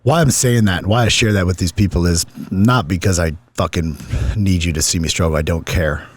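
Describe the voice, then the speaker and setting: A man's voice: sits low, fairly quick, no room sound. A middle-aged man hosting a podcast, talking candidly and emotionally and swearing often. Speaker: podcast host.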